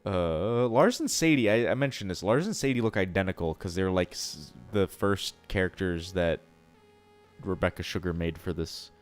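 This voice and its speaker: A man's voice: deep voice, animated, moderate pace, faint music behind. A man streaming live, chatting casually and answering chat, rambling and swearing freely.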